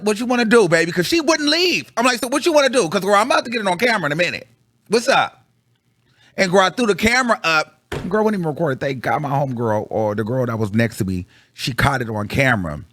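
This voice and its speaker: A man with a higher-than-usual voice recounts a story to his viewers in casual, slangy chat. His delivery is animated, dropping to low mutters and then jumping to high, excited bursts. The sound is close and dry, with no room echo. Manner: slangy, calls the audience girl. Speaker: vlogger reviewing a concert.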